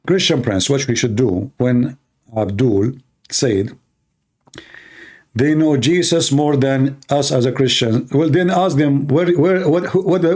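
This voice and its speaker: A man hosting a livestream, speaking sarcastic, mocking broken English and swinging between loud outbursts and exaggerated slow, soft talk. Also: fairly high pitch. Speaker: livestream host. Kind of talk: livestream debate commentary.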